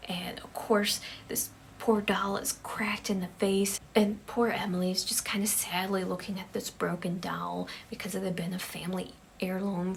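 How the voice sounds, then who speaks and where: A woman narrates a ghost story, often hushing her voice into a whisper to build suspense. Her voice is creaky and gravelly at an ordinary pitch. Faint noise sits underneath. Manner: hushed, often dropping to a whisper.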